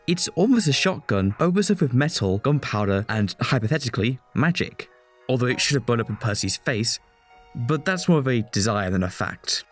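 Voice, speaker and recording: Sarcastic man with a lively voice. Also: mid-range voice. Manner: sarcastic, exasperated. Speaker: video essayist critic. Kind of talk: scripted commentary.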